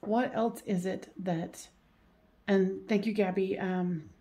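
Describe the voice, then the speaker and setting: A woman talking as a psychic medium through a solo reading, halting and repeating phrases, soothing and coaxing as she goes. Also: medium pitch, steady tone, warm tone.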